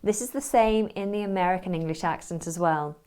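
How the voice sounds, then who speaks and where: A woman narrating an accent tutorial in a measured, explanatory way. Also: lowish voice, darkish tone, clean tone.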